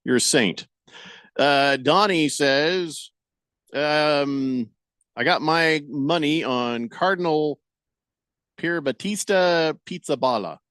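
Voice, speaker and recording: A man's voice: on the high side, slow pace, fairly bright tone, dry recording, clean studio sound. A man hosting a casual sports radio show, reading listener comments aloud and musing on them in a wry, rambling way.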